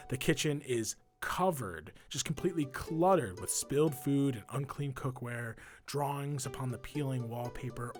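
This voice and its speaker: A man running a tabletop game, describing scenes casually with many fillers. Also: mid-range voice. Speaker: game master.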